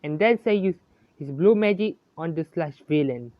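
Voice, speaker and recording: Fan story reader, halting, self-correcting, muffled lo-fi sound, dry. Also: medium pitch, animated, no echo. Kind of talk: reading a homemade fan story aloud. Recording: dull, lo-fi, dry.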